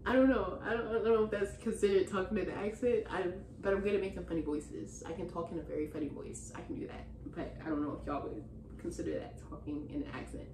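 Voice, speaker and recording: A young woman chatting casually in a vlog Q&A, relaxed and slangy, in a room full of stuffed animals. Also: fairly low pitch, fast, background noise. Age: young adult. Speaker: vlogger. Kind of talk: casual Q&A chat. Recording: roomy echo.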